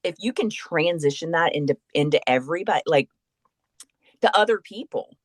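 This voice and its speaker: A woman guest on a podcast, chatting casually about faith and telling a story in a lively way, acting out the voices of the people she quotes. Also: sits low, normal speed, no room sound.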